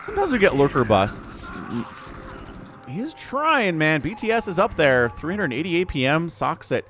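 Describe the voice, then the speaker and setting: Male game shoutcaster, casual and chatty, lively up-and-down delivery, soft music underneath. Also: a little high, moderate pace. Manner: casual, chatty, talks to viewers. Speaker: StarCraft shoutcaster. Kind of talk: solo game commentary.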